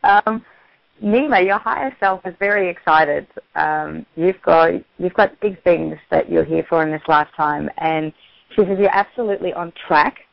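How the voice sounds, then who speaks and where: A woman's voice: on the low side, normal speed, gravelly, dry recording, dull audio. A woman from Australia with an Australian accent, an enthusiastic and reassuring guest on a radio call-in show. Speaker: guest, intuitive guide.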